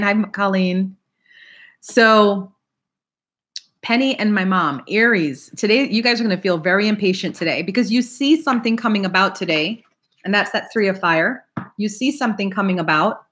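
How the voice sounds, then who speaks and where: A woman's voice: mid-range voice, fairly bright tone. Woman, tarot reader, live stream host, casual chat, laughs a lot, greets viewers. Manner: chatty, laughs often, greets viewers by name.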